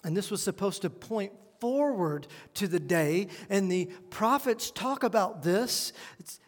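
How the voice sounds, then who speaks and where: A high-voiced man preaches a sermon, earnest and emphatic, pushing his key points loud before dropping to quiet asides. His voice rings with the long reverb of a church hall. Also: lively intonation, measured pace. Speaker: pastor.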